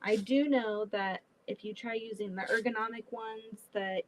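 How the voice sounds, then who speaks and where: A woman's voice: fairly high pitch, normal speed, a little hiss or hum. Chatty woman sewing on a livestream. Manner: chatty, animated, exclaims often. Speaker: livestream host. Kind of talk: casual livestream chat while sewing. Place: home sewing room.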